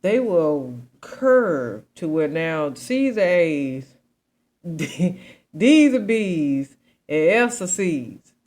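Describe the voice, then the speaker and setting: A woman's voice: low-pitched, very animated, extremely slow, darkish tone, poor audio. A young adult woman hosting a casual commentary chat. She rambles with many asides and keeps asking her listeners questions. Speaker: commentary host.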